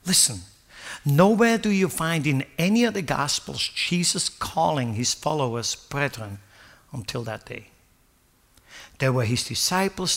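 A man preaching a sermon, asking the congregation questions and swinging from loud, emphatic bursts to hushed whispers. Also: a little high. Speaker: pastor.

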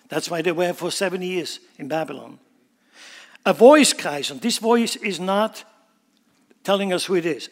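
A man's voice: high voice, moderate pace, long pauses. A man preaching a sermon, emphatically explaining scripture line by line. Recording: long hall reverb.

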